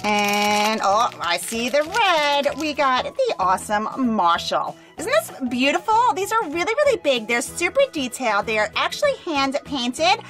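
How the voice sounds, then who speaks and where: A young woman hosting a toy unboxing video, gushing with excited, bubbly exclamations. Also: high voice, a little slow, few pauses, music in the background. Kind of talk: upbeat toy unboxing narration.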